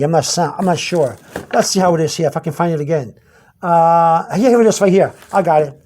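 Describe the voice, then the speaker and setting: A man teaching vocabulary in an unscripted video lesson, halting, repeating himself and filling pauses, slowing down to spell out words. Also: sits high, slight background noise. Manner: searches aloud through his notes. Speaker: language teacher.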